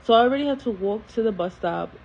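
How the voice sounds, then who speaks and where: A woman tells a personal story on camera in a casual, animated way, often repeating phrases for emphasis. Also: fairly high pitch, fast talker, creaky. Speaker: storytime host. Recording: dull lo-fi sound with faint hiss.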